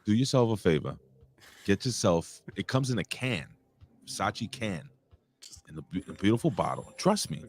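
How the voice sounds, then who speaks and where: A man's voice: lowish voice, big pitch swings, moderate pace, gravelly. A man hosting a casual wrestling podcast, cracking profane jokes and introducing chat friends like a ring announcer. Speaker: podcast host.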